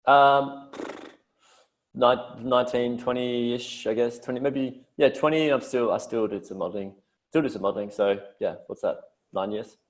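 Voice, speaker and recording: A man's voice: medium pitch, moderate pace. A young Australian man in his twenties, a podcast guest chatting casually, swearing and mimicking mates in a broad voice. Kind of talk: casual interview chat.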